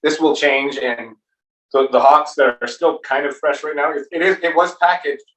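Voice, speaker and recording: A man's voice: fairly high pitch, fairly even intonation, normal speed, fairly bright tone, reverberant, distant mic, poor audio. A man who is a brewmaster, chatting casually and explaining things in a loose, rambling way with many fillers. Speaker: brewmaster guest. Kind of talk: casual chat.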